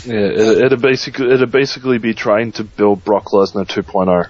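A man's voice: on the low side, fairly even intonation, fairly quick, a little mellow, muffled recording. A man co-hosting a casual podcast, dry and wry in his remarks. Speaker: podcast co-host. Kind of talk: casual chat.

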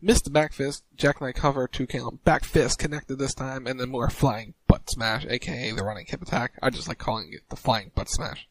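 Guy running through a match recap fast, dry close mic, middle pitch. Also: steady tone, a bit bright, no room sound, low-quality recording. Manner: rapid recap, mimics crowd chants in a higher voice. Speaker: podcast co-host recapping wrestling. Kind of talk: casual play-by-play recap.

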